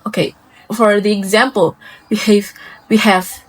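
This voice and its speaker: A woman's voice: mid-range voice, little pitch movement, a little slow, no room sound, low-quality recording. A young woman whose first language is Indonesian gives a class presentation, hesitant and repeating example words. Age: young adult. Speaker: student presenter. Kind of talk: class presentation on word stress.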